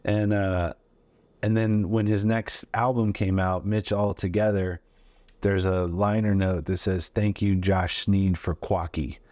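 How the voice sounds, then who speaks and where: A comedian in his forties spins loose, rambling anecdotes, full of "uh" and "like". His voice sits very low, and the sound is close and dry, with no room in it. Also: flat delivery, measured pace, darkish tone, dry recording. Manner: loose, rambling, many fillers. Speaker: guest comedian. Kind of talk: casual storytelling.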